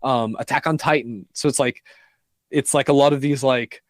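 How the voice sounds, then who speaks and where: Mid-pitched American guy, casual rambling talk, dry close recording. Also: steady tone, normal speed, no echo. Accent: General American. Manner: heavy use of "like" and "um" fillers. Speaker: guest. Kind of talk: casual interview chat.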